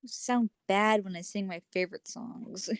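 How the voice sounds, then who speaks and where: A young woman co-hosting a casual podcast chat, laughing often and talking herself down in quick bursts. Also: mid-range voice, smooth, dry recording, clean studio sound. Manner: laughs often, self-deprecating, rapid bursts. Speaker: podcast co-host.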